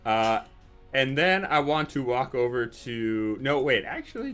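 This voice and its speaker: A man chatting through his turn in a tabletop game with a lively, swooping voice. He giggles and sings sound effects, with faint music in the background. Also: medium pitch, measured pace, clean tone. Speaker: player. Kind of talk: casual tabletop game chat.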